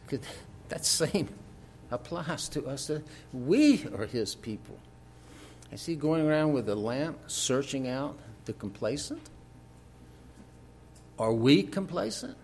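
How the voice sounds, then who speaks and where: A man's voice: on the high side, big pitch swings, slow, pauses often, darkish tone, a little hiss or hum. A man preaching a sermon, reading scripture aloud and adding folksy, joking asides with frequent fillers.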